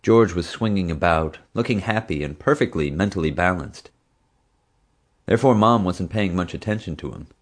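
A man narrating a first-person audiobook in an even, steady storytelling manner. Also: deep voice, normal speed.

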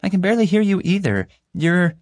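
A male audiobook reader voicing a brisk teenage girl talking urgently on the phone. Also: high voice, sing-song, darkish tone, no room sound, voice pushed up. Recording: dry close studio sound.

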